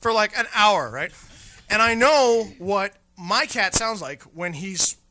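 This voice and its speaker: High-voiced man telling crude stories. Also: slow, slight background noise. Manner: crude, animated anecdote telling, lots of swearing. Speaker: radio show co-host. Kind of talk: casual storytelling chat.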